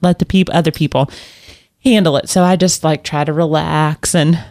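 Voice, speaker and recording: A middle-aged woman chatting casually, rambling and self-deprecating, with halting restarts. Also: low voice, fairly even intonation, a little mellow, no room sound, studio quality. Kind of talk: casual chat.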